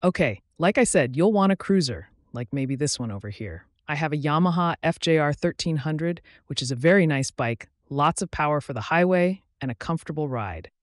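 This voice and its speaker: A man reading the part of a friendly, talkative older motorcycle salesman in a story, with an easy sales-pitch manner. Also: expressive, moderate pace, hardly any pauses, dry recording, studio quality, natural voice. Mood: chatty.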